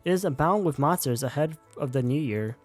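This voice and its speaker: Man putting on a courtly male host in a game, odd put-on accent, archaic wording, raised pitch. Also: expressive, fairly quick, faint music behind. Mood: courteous.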